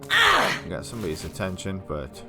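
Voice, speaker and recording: A man's voice: low-pitched, huge pitch swings, moderate pace, vocal fry, music in the background. A man giving casual let's-play commentary, rambling and talking to himself with frequent laughs. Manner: chatty, rambling self-talk with frequent laughs. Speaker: gameplay commentator.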